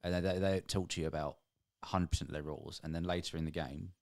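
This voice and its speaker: Very low-voiced man. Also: fairly even intonation. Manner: halting, restarts as he builds a question. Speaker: podcast co-host. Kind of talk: casual chat.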